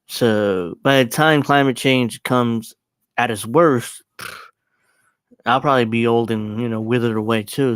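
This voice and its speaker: A man's voice: medium pitch, no echo. A young man hosting his show, casually commenting on clips in a mocking, profane way and laughing often. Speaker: host.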